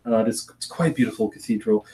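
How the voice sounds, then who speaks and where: A man's voice: on the low side, fairly quick, mellow, close to an everyday voice, poor audio. A man voicing a polite noblewoman who speaks in a gracious, somewhat rambling way. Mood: courteous. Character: polite noblewoman at her desk.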